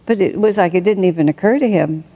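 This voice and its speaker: A woman reading aloud from a spiritual book and adding her own reflective commentary, thinking aloud with soft laughs. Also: lowish voice, fast talker, slightly rough, poor audio.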